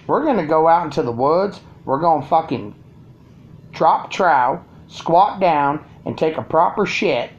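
A vlogger with a fairly high, expressive voice delivers a profane, sarcastic rant to his viewers from home. He speaks at a measured pace, and the sound is lo-fi.

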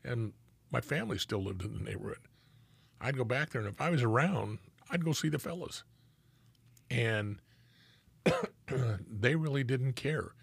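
A man's voice: mid-range voice, lively intonation, measured pace, vocal fry, pauses often, breathy edge, no room sound. An older man, a former police officer from Los Angeles, telling street stories in a laid-back, casual chat and swearing freely. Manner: laid-back, swears freely, acts out old friends' voices. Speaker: retired police officer, guest.

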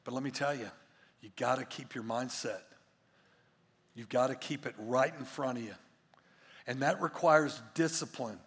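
A man preaching a sermon as pastor, emphatic and repetitive, swinging between hushed asides and loud declarations. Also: mid-range voice, moderate pace, creaky, pauses often, big-room sound.

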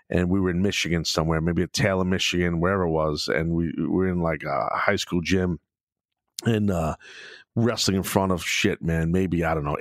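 A man's voice: sits low, no room sound, clean studio sound. A man, hosting a podcast in a rambling, profane monologue. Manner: profane, rambling, with frequent restarts; puts on mocking voices of fans. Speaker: podcast host. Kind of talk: casual monologue.

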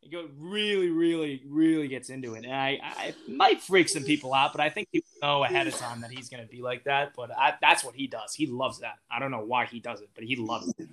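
A man's voice: mid-range voice, fairly quick, a bit bright. An eighteen-year-old man chatting casually as a podcast guest, rambling with lots of fillers and restarts. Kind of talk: casual chat.

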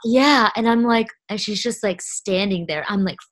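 A young woman in casual conversation, telling stories in a lively way with lots of "like.". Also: mid-range voice, moderate pace. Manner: lively, laughing storyteller with lots of "like". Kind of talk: casual chat.

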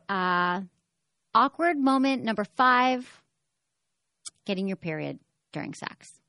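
A woman's voice: medium pitch, a bit bright, dry recording, clean studio sound. A woman hosting a sex-advice talk show, talking frankly and chattily and acting out little voices as she goes. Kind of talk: casual radio-style chat.

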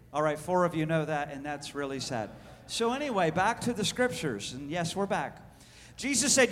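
A man preaching a sermon and reading scripture aloud, swinging between shouted proclamation and hushed, slow reading. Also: a little high, animated, big-room sound.

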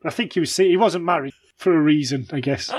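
A man's voice: on the high side, quick pace, a little mellow, no echo. A British man in his thirties co-hosting a podcast, chatting casually with blunt, crude humour. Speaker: podcast co-host. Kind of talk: casual chat.

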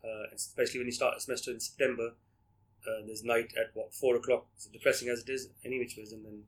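A man's voice: mid-range voice, little pitch movement, quick pace, rough recording. A middle-aged man from India, a guest on an interview, telling stories casually with many hesitations and restarts. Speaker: guest, media company director.

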